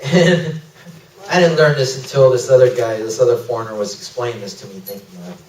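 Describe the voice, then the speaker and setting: A man telling a mission story at a church fellowship in an animated way, laughing through the emotional parts. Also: mid-range voice, quick pace, far from the mic, a little hiss or hum. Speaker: missionary speaker. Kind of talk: testimony talk at a fellowship. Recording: echoey room, speaker away from mic.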